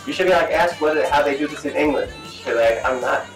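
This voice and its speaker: A man's voice: on the high side, fast. A man bantering playfully and teasingly in a comedic skit. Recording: echoey, distant mic, music behind.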